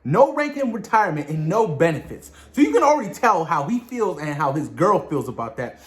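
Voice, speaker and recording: Excited slangy man, lively voice. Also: on the high side, brisk. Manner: excited, slangy, talking straight to viewers. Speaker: video host reviewing a TV episode. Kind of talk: casual spoiler discussion.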